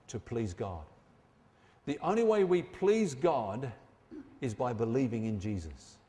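A man preaching a sermon, emphatic, slowing down and dropping low on key phrases. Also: mellow, long reverb tail.

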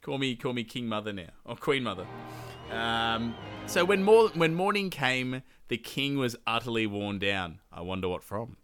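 A man's voice: sing-song, moderate pace, music in the background. A man, casually retelling an old epic as a podcast host, swearing and laughing. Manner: sweary, laughing, bursts into high silly character voices. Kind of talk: casual comedic storytelling.

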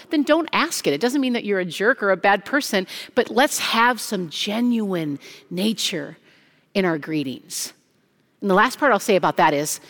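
A young adult woman, a junior high pastor, preaching an animated chapel sermon and acting out the voices she quotes. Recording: long hall reverb.

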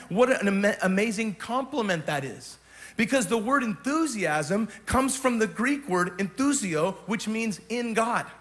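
Middle-aged male pastor with a high voice; emphatic, passionate preacher who stumbles over repeated words and shouts at the peaks. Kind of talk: sermon.

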